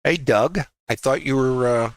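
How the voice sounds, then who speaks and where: With a clear, resonant mid-range voice and a measured pace, this Brooklyn-accented trading educator runs a livestream lesson through a laptop mic with no echo. His style is folksy, peppered with rhetorical questions and offhand quips.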